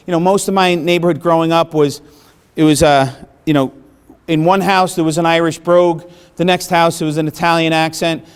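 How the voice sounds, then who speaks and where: A middle-aged man gives a workshop presentation in a fairly high voice. He talks conversationally to a room of listeners and keeps checking that they follow. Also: smooth. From the Bronx, New York. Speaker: presenter on parish planning.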